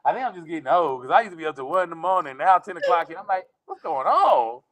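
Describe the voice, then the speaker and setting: Animated laughing man telling comic stories. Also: fast. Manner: animated, laughing, jumps into high mock voices for quotes. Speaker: guest. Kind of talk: casual comedic storytelling.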